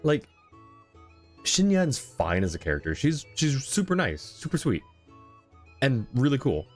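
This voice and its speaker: A man's voice: mid-range voice, very animated, a little slow, faint music behind. A man streaming a game, chatting casually with viewers, rambling and laughing often. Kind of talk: casual live-stream chat.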